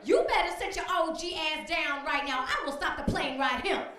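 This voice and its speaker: A woman's voice: high voice, expressive, normal speed, pushed and bright, pitched above the performer's own voice. A woman voicing a bossy middle-aged woman bus driver who scolds and threatens, in a stand-up set. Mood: stern. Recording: echoey comedy club.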